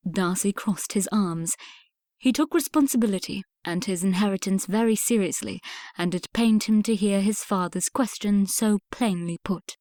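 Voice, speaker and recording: Woman reading a romance audiobook, calm and steady, dry close mic. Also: mid-range voice, moderate pace, no room sound. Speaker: audiobook narrator. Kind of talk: scripted narration.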